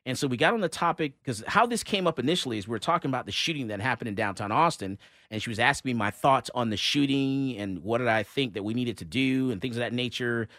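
A man hosts a talk radio show, recorded dry and close in the studio. His pitch rises and falls a lot as he tells his story, full of fillers and restarts. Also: animated, fast, a bit bright, no echo. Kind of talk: casual talk-radio monologue.

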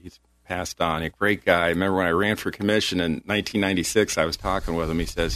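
A man being interviewed as a guest, plain-spoken and getting animated as he tells his story. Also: sits low, fairly quick. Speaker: guest, county comptroller. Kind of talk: casual interview.

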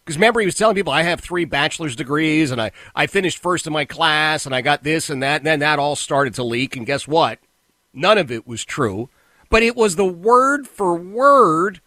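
A man's voice: brisk, dry recording. A man hosting a talk radio show, delivering an indignant monologue. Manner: animated, indignant, pitch jumps when worked up.

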